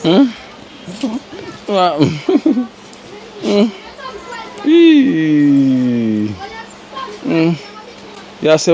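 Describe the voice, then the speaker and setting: A Jamaican woman with a low, unhurried voice chats casually and teasingly, repeating short phrases. Steady noise sits behind her outdoor recording. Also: a faint crowd. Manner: teasing, repeats herself, talks to dogs. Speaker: vlogger. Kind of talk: casual chat.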